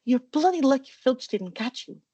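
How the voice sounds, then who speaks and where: A woman voicing a bookish, bossy schoolgirl witch who asks brisk, insistent questions in a storybook reading. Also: high-pitched, expressive, dark tone, husky, no room sound, muffled recording, voice pushed up.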